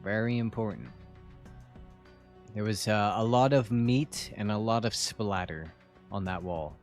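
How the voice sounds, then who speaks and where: A man's voice: lowish voice, measured pace, faint music behind. Joking young man streaming a game. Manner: joking, self-mocking, chats with viewers. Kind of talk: casual live-stream chat while gaming.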